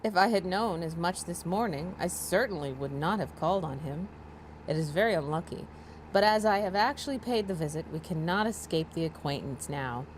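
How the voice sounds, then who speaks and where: A woman's voice: fairly low pitch, animated, moderate pace, slight background noise, lightly acted, poor audio. A woman voicing a dry, teasing middle-aged father in a dramatic reading of a classic novel.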